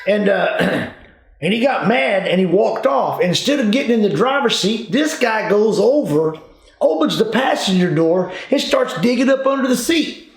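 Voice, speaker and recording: A man's voice: sits high, expressive, normal speed. An older man, a retired police officer telling folksy stories in casual talk. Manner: folksy, drawling, addresses listeners as folks. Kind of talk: casual storytelling. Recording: echoey room.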